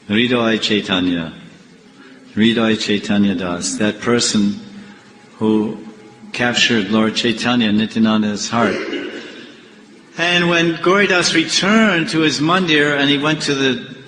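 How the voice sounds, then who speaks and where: A swami giving a devotional class, telling temple stories and acting out the characters' voices. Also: male voice, medium pitch. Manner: animated storyteller acting out the characters' lines. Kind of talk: devotional storytelling lecture. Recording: echoey hall with faint noise.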